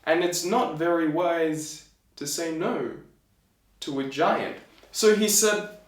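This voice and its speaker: A man's voice: fairly high pitch, slow pace. A man telling a fairy tale in a casual, playful way, with chatty asides to the listener. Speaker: storyteller. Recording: echoey room.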